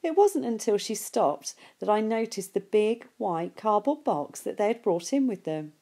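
A woman reading a novel aloud in a steady, unhurried storytelling manner. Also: medium pitch. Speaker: reader.

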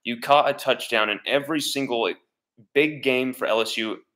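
A man's voice: medium pitch, normal speed, fairly bright tone, rough recording. A man hosting an interview, talking in an encouraging, enthusiastic and reassuring way. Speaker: interview host.

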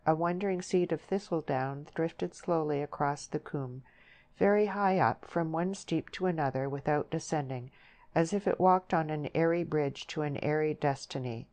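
Low-voiced woman narrating an audiobook. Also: a little mellow. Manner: measured, literary reading. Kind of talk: scripted narration.

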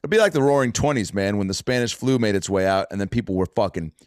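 A man hosting a casual podcast chat, telling stories in an animated way and swearing freely. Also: fairly low pitch, fast talker, dry recording, clean studio sound. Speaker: podcast host and comedian.

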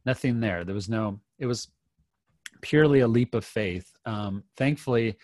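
A man's voice: mid-range voice, moderate pace, darkish tone, no room sound, studio quality. A middle-aged man, a podcast guest, telling a personal story in an earnest, reflective way with many restarts.

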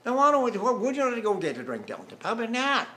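Older man playing a cheery British pub-goer, lifted pitch, chatty and bright. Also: wildly swooping pitch, quick pace, exaggerated voice. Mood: jolly.

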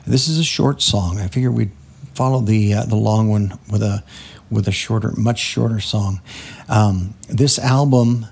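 A man hosting a music podcast, talking casually about composing his own songs, halting with many fillers and restarts. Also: fairly low pitch, vocal fry, darkish tone, slightly rough.

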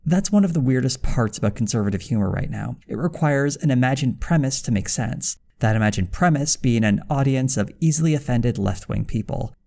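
A man's voice: mid-range voice, animated, fairly quick, creaky, few pauses, dark tone, slight background noise. A man narrating a scripted commentary video in a dry, critical manner. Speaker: video essayist.

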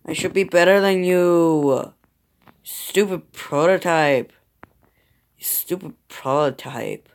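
Slow-talking tired gamer guy. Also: a little high, gravelly. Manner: grumbling at the game, muttering to himself. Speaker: mobile game player. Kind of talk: gameplay commentary. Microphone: phone microphone.

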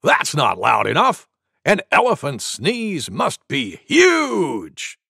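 Imagine a man doing a gruff wild boar who grunts and insists, with a gravelly, rough grain. Slow, dry and close. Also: fairly high pitch, huge pitch swings, bright, forceful tone, no room sound, heavily acted. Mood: insistent.

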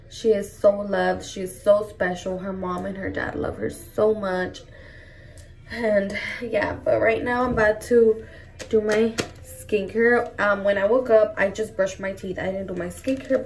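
A young mother talks to her camera in a casual vlog, gushing and emotional as she goes. Her voice carries a gravelly fry. She sits a little back from the microphone. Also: mid-range voice, darkish tone, distant mic. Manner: emotional, gushing, says "y'all" and "like" often. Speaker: mom vlogger.

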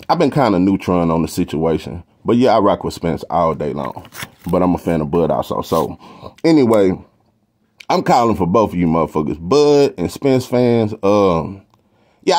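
A deep-voiced Texan man hosts a boxing talk show, offering casual, opinionated commentary that rambles and lands with emphasis, full of slang and profanity. He sounds animated and a little mellow, at a moderate pace.

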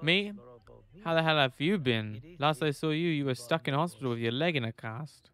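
A man's voice: on the high side, a little fast, a bit bright, clean tone, close to an everyday voice. A man voicing a blunt, mocking male police colleague in a game.

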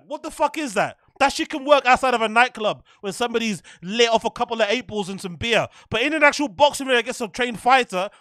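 High, bright-voiced man ranting. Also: dry recording. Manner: animated, exasperated, profane, repeats his questions. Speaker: podcast host. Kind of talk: ranting commentary.

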